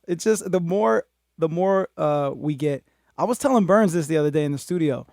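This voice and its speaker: A man hosting a podcast, telling a story in a rambling, profane, animated way and acting out what people said. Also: a little high, normal speed, creaky, no room sound, clean studio sound. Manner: profane, rambling, animated retelling with acted-out quotes. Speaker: podcast host. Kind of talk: casual storytelling.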